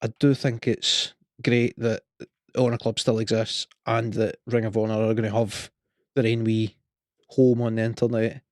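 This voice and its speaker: A man's voice: lowish voice, flat delivery, moderate pace, no room sound, studio quality. A Scottish man co-hosting a podcast, chatting casually in a rambling, hesitant way. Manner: rambling, hesitant, lots of fillers. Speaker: podcast co-host. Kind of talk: casual chat.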